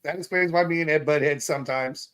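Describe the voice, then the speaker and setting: A high-voiced man joins a fan live stream as a guest. He talks bluntly, swears casually and ribs the host. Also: fast, fairly bright tone. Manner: blunt, profane, ribbing. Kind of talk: casual chat.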